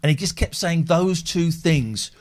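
Lively man hosting a stream. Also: fairly high pitch, unhurried. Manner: animated, acts out voices in anecdotes. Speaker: livestream host. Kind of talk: casual chat.

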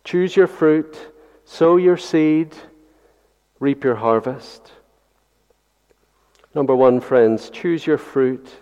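A man's voice: mid-range voice, very slow, pauses often, darkish tone, clear, resonant tone. A man preaching a Sunday sermon, earnest and repetitive, with rhetorical questions to the congregation. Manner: earnest, repeats key phrases, rhetorical questions. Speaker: pastor. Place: church. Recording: dull sound with long hall reverb.

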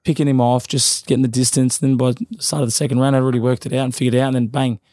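A man's voice: mid-range voice, level tone, darkish tone, dry recording, clean studio sound. A man, a professional boxer talking casually as a guest in an interview, full of fillers and restarts. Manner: rapid, loose, repeats fillers.

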